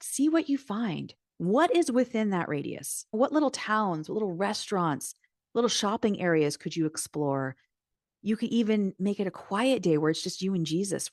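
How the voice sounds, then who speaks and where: Middle-aged woman host, earnest and encouraging, lowish voice, close dry sound. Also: a little mellow, no echo. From United States. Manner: earnest, encouraging, talks straight to the listener. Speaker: podcast host and Christian mindset coach. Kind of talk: solo podcast teaching.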